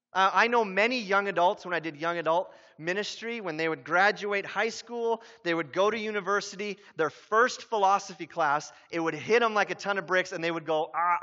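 A man's voice: sits high, pushed and bright. A man preaching a sermon, earnest and emphatic, often pressing his point with questions. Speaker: pastor. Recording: dull sound with long hall reverb.

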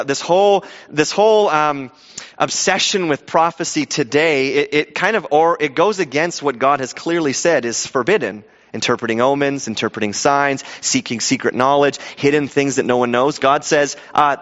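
A man preaching a sermon with animated delivery, stumbling into restarts and acting out quoted voices. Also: on the high side, fairly quick. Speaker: pastor. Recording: dull sound with long hall reverb.

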